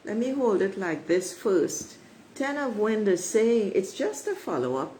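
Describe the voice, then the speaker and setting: A woman's voice: medium pitch, darkish tone, poor audio. A woman giving a spiritual oracle card reading to her viewers. She speaks emphatically and repeats her affirmations. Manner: emphatic, repeats affirmations, addresses listeners as beautiful souls.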